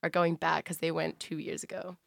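A woman's voice: sits low, little pitch movement, brisk, vocal fry, dry recording, clean studio sound. A college-age woman chatting casually with a friend, filler-heavy with lots of "like". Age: 20s. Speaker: college student. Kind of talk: casual chat.

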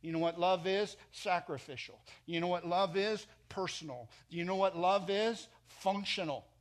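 A middle-aged man preaching a sermon in a church, emphatic, swinging between loud and soft. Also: sits high, moderate pace. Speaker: pastor.

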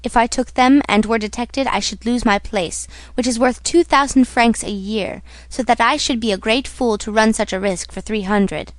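A woman's voice: fairly high pitch, moderate pace, few pauses, no echo, natural voice. A woman voicing a wary, dismissive male jailer in an audiobook reading. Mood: refusing. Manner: dismissive, scolding. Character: gruff middle-aged male jailer, wary.

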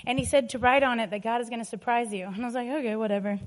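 A woman's voice: a little high, very fast. A middle-aged woman preaching a sermon, telling personal stories emphatically and laughing often.

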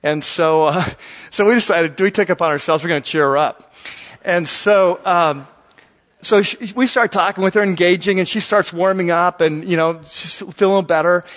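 Give me a high-pitched man as a pastor, animated and chatty as he tells a story to his church. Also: normal speed. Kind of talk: storytelling to a congregation. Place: church service.

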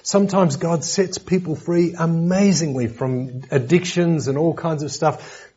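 A man's voice: fairly high pitch, steady tone, a little slow, mellow, slightly rough, muffled recording. A man preaching a sermon lesson in a conversational way, with joking asides and repeated words.

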